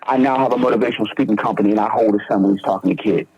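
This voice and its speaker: A man's voice: fairly low pitch, very fast, breathy edge. A young man from Philadelphia telling his recovery story in a podcast interview, acting out quoted dialogue as he goes. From Philadelphia, Pennsylvania. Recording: dull lo-fi sound.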